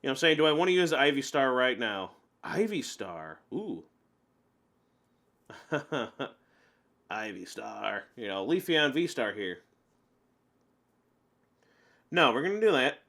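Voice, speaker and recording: Animated ranting man commentating a card game. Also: medium pitch, moderate pace, long pauses. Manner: animated, ranting, laughs a lot. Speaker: gameplay commentator.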